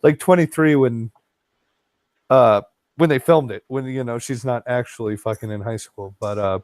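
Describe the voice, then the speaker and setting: A man's voice: medium pitch, moderate pace, darkish tone, dry recording. A man in casual chat on a stream, meandering and swearing as he tells a story. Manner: meandering, profane.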